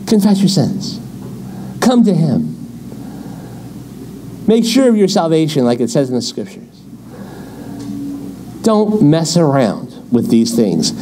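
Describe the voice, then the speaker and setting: A man's voice: fairly high pitch, warm tone, a little hiss or hum. A middle-aged man with a Californian accent, preaching a sermon as pastor, exhorting with folksy asides.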